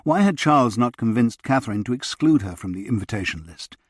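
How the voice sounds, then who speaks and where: A man reading a historical novel aloud as narrator, in a measured, expressive way. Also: medium pitch, no room sound, studio quality. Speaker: audiobook narrator. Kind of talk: scripted narration.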